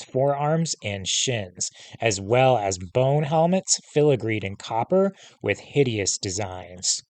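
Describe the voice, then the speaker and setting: Brief: male teacher reading a novel aloud, measured, mid-pitched, dry. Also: a little mellow, dry recording. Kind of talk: storybook narration.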